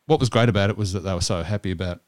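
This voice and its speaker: A man's voice: low voice, racing, no echo. An Australian man co-hosting a podcast, telling stories in casual chat with frequent restarts. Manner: chatty storytelling with restarts. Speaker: podcast co-host.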